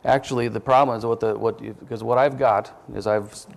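A man's voice: medium pitch, steady tone, brisk, gravelly. A man preaching a sermon in a conversational way, quizzing his listeners with questions and dropping self-deprecating asides.

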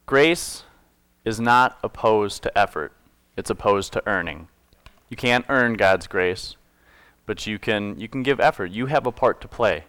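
At a measured pace, a man with a lowish, fairly bright, clear, resonant voice preaches a casual sermon, recorded dry. He reads scripture, explains it conversationally, corrects himself, and jokes with the congregation.

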